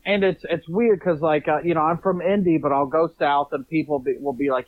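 A comedian from Indianapolis with a Central Indiana accent, talking in a relaxed, self-deprecating way in a fairly high voice. He comes through a tinny phone line with a dry, close sound. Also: a little fast, no room sound. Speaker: comedian guest. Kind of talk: casual interview chat.

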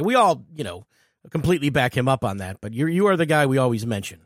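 A man from the Detroit area hosting a podcast interview, eager and quick to laugh, often trailing off mid-sentence. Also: mid-range voice, big pitch swings, no echo, studio quality. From Detroit area, USA. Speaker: podcast host.

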